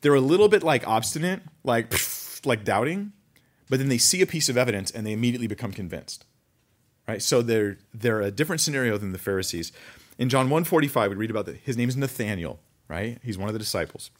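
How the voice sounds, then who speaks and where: Man, pastor, casual sermon, animated asides, mid-pitched voice. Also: fast. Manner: conversational, animated, reads scripture aloud.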